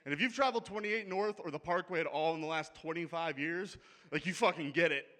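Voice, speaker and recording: Brash high-voiced Pittsburgh comic. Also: male voice, fast talker, bright, forceful tone. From Pittsburgh, USA. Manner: brash, profane, conversational. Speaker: stand-up comedian. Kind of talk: stand-up set. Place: comedy club stage.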